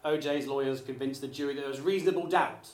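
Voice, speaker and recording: Stand-up comic, echoey stage. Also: male voice, medium pitch. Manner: chatty, addressing the crowd with quick apologetic asides. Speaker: stand-up comedian. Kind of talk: live stand-up routine. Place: small theatre studio with a live audience. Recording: echoey live room, faint ambience.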